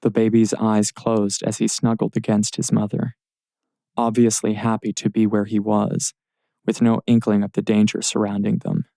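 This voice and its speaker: A man reading audiobook narration in a steady, measured way, recorded close in a studio booth. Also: lowish voice, creaky, dry recording.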